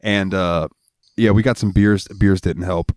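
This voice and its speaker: A man's voice: low-pitched, a little slow, dry recording, clean studio sound. A man co-hosting a podcast, telling stories in casual profane chat and acting out the people in them. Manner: profane, animated storyteller acting out voices. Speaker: podcast co-host.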